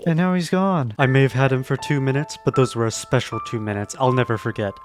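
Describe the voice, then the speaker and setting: A man narrating his own gameplay in a wry, casual way, breaking into jumpy, excitable reactions. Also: mid-range voice, a little fast, few pauses, a little hiss or hum. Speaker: gaming video creator. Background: background game music.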